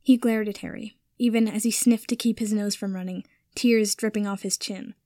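A woman narrating a story in a steady, even reading voice. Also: medium pitch, moderate pace, dry recording, studio quality. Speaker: reader. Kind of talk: audiobook-style story narration.

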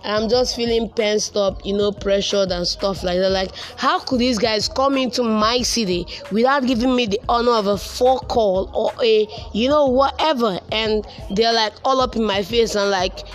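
A young man with a Nigerian accent telling a casual personal story, animated and repeating words for emphasis. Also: high voice, normal speed, few pauses.

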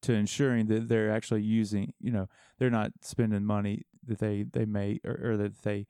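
Male co-host, lowish voice, hesitant musing, smooth and dry. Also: level tone, moderate pace, dark tone, no echo. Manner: hesitant, thinking aloud. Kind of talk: casual chat.

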